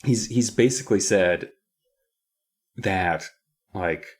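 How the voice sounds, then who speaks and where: A man's voice: deep voice, takes it slowly, slightly rough. A man co-hosting a podcast, casually discussing a book and acting out the characters' lines. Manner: animated, acts out characters' lines. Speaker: podcast co-host.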